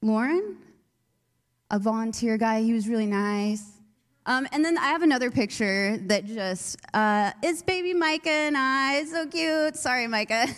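In a hall with long reverb, a young youth leader tells the story of her faith, chatty and filler-heavy. Her clean-toned voice leans high and moves at normal speed.

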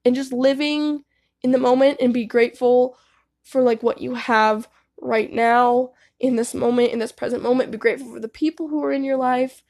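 Young woman w a high voice giving blunt advice to viewers, swears a lot, says like constantly. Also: steady tone, moderate pace, a little mellow. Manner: candid, swears freely, says "like" often. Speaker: vlogger. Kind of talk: casual advice monologue.

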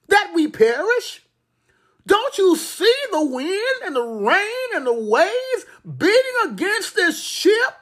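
A man preaching a sermon in an impassioned way, with slow, deliberate, repeated phrases that build to cries. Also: very high voice, a bit bright.

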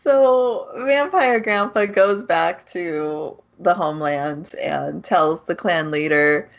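A woman's voice: lowish voice, takes it slowly, gravelly, few pauses. Matter-of-fact woman podcast co-host. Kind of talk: casual chat recapping an anime.

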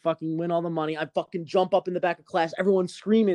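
A man's voice: on the high side, quick pace, no echo. A young man hosting a podcast, telling a story in casual chat, swearing a lot. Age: young adult. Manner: profane, animated storytelling. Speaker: podcast host.

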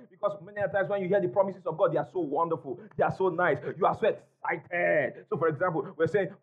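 A man preaches to his congregation. His voice sits high and swings widely as he drives home each point, repeating lines and calling for answers. The sound is slightly dull and muffled. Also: animated, brisk. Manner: emphatic preacher, repeats key phrases, call-and-response with congregation. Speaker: pastor. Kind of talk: sermon. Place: church hall before a congregation.

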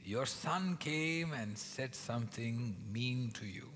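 A man's voice: mid-range voice, expressive, slow pace, hardly any pauses. Male pastor, dramatic sermon delivery, whispers and bursts, long church reverb with music bed. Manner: dramatic, swings between loud acted quotes and hushed whispers.

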